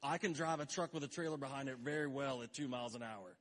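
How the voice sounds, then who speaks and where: A man's voice: medium pitch, fast talker. A middle-aged man preaching a sermon as pastor in a casual, conversational way, with joking asides and brief acted-out quotes.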